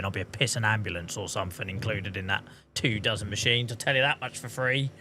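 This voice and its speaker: A man's voice: on the low side, fairly even intonation, fast, sharp tone, slight background noise. A man streaming a game, chatting casually in a self-mocking way and swearing casually now and then. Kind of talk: casual livestream chat.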